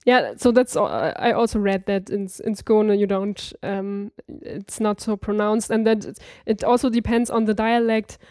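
A woman who isn't a native Swedish speaker explains language points in a casual practice chat, sounding hesitant with many fillers and restarts. Her voice is medium-pitched and a little mellow, at normal speed with hardly any pauses, recorded in clean studio sound with no room echo.

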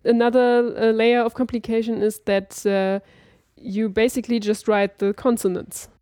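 Flat-voiced woman, tentative learner. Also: on the high side, normal speed, no echo, clean studio sound. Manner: tentative, thinking aloud. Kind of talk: casual chat.

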